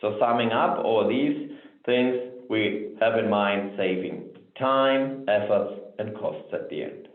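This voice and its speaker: A man giving a technical webinar presentation, talking in a measured way with frequent "so" and "um" fillers. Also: fairly low pitch. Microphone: remote webinar audio. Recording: tinny phone-like line, roomy echo.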